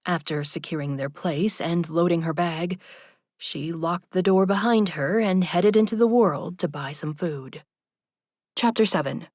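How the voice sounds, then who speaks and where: A woman reading an audiobook narration in a soft, even, intimate manner. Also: fairly low pitch, a little slow, no echo, studio quality.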